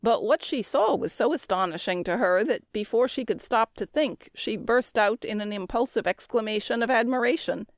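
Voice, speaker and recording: A woman narrating a classic story in a measured, expressive reading. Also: a little high, no echo, clean studio sound. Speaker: audiobook narrator.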